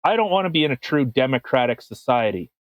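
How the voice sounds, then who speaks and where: A man riffs and rants on a casual podcast, often swearing and restarting his phrases. His pitch sits in the middle. The sound is dry and close to the mic. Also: animated, no echo, muffled recording. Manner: ranting, profane, halting restarts. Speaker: podcast co-host. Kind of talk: casual comedic political chat.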